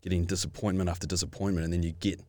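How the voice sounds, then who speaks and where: A man's voice: deep voice, flat delivery, racing, a little mellow, no room sound. A man co-hosting, asking a long reflective question. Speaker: podcast co-host. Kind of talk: casual interview questions.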